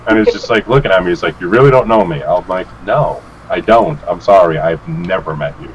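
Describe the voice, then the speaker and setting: A man's voice: low voice, fairly quick, slight background noise, poor audio. A man guesting on a chat show, telling stories casually and acting out other people's lines with swearing and laughter. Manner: animated, acts out quotes with swearing and laughs. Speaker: guest, vape reviewer.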